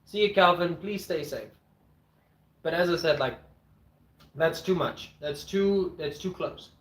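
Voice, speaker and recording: A man streaming from home with his dogs, chatting casually as he eats, blunt and opinionated, clearing his throat often. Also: fairly high pitch, unhurried. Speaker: streamer eating on camera and answering chat. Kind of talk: casual rambling chat and rant. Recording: echoey room.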